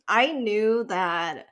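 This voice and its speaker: A woman in her thirties in casual chat, telling a long story in a lively way, full of likes and you-knows. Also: mid-range voice. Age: 30s.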